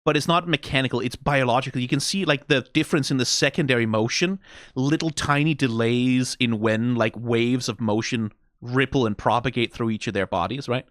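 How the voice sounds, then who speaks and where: A man hosting a reaction video, talking through the animation in a casual, animated way, full of "like" and "right?" and the odd curse. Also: medium pitch, brisk, dry recording, clean studio sound. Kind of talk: casual analytical commentary.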